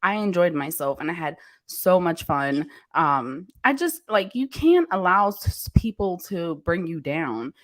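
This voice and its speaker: A woman's voice: fairly low pitch, lively intonation, unhurried, few pauses. A woman from Pennsylvania hosting a casual chat, telling stories candidly with laughs and swearing. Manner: candid, laughing, profane storytelling. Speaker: host.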